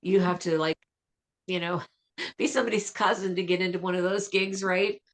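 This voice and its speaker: A woman vocalist talking as a guest in a radio interview, chatty and enthusiastic with quick asides. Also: on the low side, steady tone.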